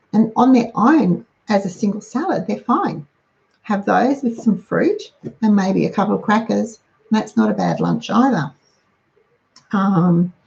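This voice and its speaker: A middle-aged woman with a warm, creaky, medium-pitched voice hosts in a relaxed, chatty way, working through practical lists of lunchbox ideas. It's a casual how-to talk, and the recording sounds muffled.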